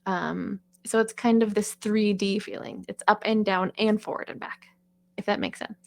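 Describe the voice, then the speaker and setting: A woman giving a relaxed voice lesson, explaining vocal technique in a chatty, loose way. Her voice has a gravelly fry at the edges and sits at a middle pitch. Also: moderate pace. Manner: chatty, demonstrates with sung and called-out examples. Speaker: voice teacher.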